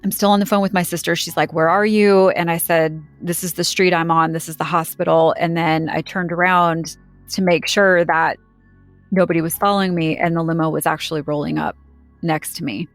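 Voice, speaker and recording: In an interview, a woman with a low voice tells of a frightening personal experience, earnest and emotional, often quoting what others said. Her intonation is fairly even and her pace fairly quick, on a dry recording with faint music behind.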